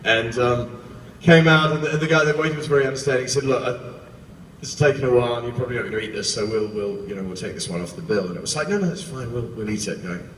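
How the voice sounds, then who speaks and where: A man's voice: mid-range voice, quick pace, fairly bright tone. A man on a convention panel, telling a wry, self-mocking story to the crowd. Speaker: panel guest actor. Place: large convention hall. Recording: echoey hall, distant mic, background noise.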